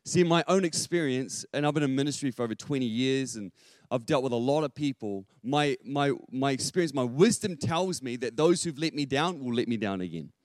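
A middle-aged man, preaching a sermon and telling a family story with lively acted-out quotes. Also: mid-range voice, brisk, no room sound, clean studio sound. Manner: animated, acts out quotes with rising volume. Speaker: pastor.

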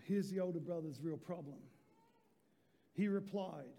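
A man in his forties preaching a sermon as pastor, building to shouted emphasis with cheeky asides, recorded in a large church. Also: on the high side, normal speed, long pauses. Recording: long hall reverb.

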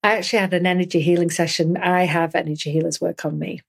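A woman hosting a spiritual podcast and speaking as an energy healer in a soothing, earnest monologue with gentle repetition. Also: on the low side, level tone, fast talker, creaky.

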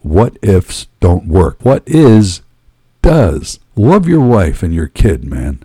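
A man voicing a gruff, streetwise male hitchhiker who talks bluntly and insistently with rough, profane speech. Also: low voice, big pitch swings, slow, dark tone, dry recording, studio quality, heavily acted. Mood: earnest.

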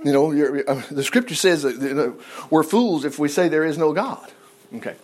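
Folksy man teaching scripture, rambling and joking, high voice that swings widely. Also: expressive, moderate pace. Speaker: Bible teacher. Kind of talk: casual Bible teaching.

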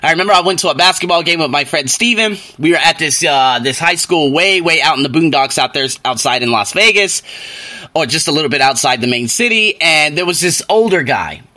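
Animated bright-voiced male podcaster. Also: fairly high pitch, a little fast. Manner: animated storytelling, voice rises into exasperated rants. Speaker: podcast host. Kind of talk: solo podcast book review.

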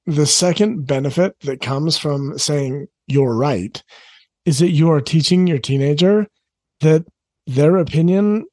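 A man's voice: fairly high pitch, a little mellow, no room sound. A middle-aged man coaching parents in an earnest, conversational talk, repeating his key phrases. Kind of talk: direct-to-camera advice talk.

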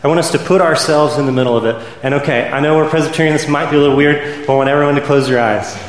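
A man preaching a sermon as pastor, rising to impassioned peaks and dropping to soft, quiet stretches. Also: on the high side, very fast, reverberant, big-room sound. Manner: builds to impassioned, soaring climaxes then drops soft.

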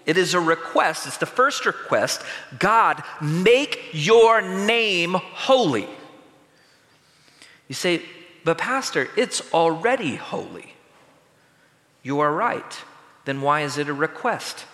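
A male pastor preaching a sermon, reading scripture dramatically and sometimes rising to a shout. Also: on the high side, sing-song, takes it slowly, long pauses, in a large hall.

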